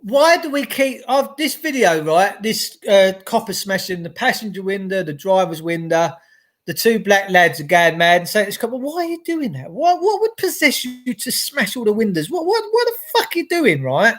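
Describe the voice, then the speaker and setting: A man's voice: high-pitched, very animated, normal speed, fairly bright tone. A middle-aged man talking casually from home by a log burner, greeting viewers and ranting with passion. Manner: chatty, greets viewers, impassioned. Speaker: vlogger. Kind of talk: casual livestream rant.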